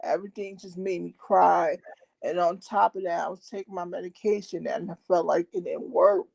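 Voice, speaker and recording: A woman's voice: lowish voice, fairly even intonation, moderate pace, vocal fry, darkish tone. A woman guest who hosts her own podcast, talking candidly and heartfelt about her own experience, with frequent ums. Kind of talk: candid personal conversation.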